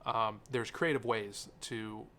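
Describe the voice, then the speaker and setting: A young man sits and talks straight to the camera in an unscripted vlog. His voice is bright and forward, and he drifts between sidetracks with plenty of fillers. He speaks earnestly and openly. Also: lowish voice, fairly even intonation, slow pace, slight background noise. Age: young adult. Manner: rambling, sidetracked, many fillers. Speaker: tech YouTuber. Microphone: camera mic, seated talking to camera.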